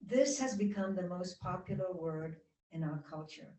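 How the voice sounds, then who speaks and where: A woman giving a spiritual talk to a congregation, guiding them gently and chatting with the audience. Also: lowish voice, expressive, normal speed, distant mic. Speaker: guest speaker. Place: church hall. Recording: roomy hall sound from off-mic.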